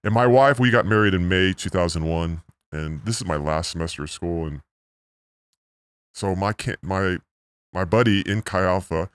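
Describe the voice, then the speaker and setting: Man with a deep, disguised voice. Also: moderate pace, smooth, no echo. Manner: earnest, rambling, full of "like" and "you know". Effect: pitch-altered voice disguise. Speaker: missionary guest. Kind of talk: casual storytelling interview.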